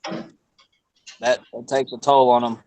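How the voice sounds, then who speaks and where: A man's voice: mid-range voice, level tone, takes it slowly, a little mellow, a little hiss or hum. A man co-hosting a casual live stream who reads out viewer comments and laughs easily. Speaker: co-host reading chat comments.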